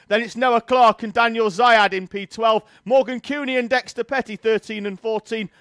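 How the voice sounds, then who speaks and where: A man giving brisk live play-by-play commentary on a karting race, reeling off names and grid positions. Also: sits high, a bit bright, dry recording, clean studio sound.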